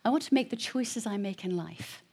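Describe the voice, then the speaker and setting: A middle-aged woman tells her conversion story to a congregation. Her voice is breathy and husky. She swings between near-whispered, hushed passages and loud, emphatic bursts. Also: mid-range voice, expressive, normal speed. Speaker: guest speaker giving testimony. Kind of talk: personal testimony to a congregation.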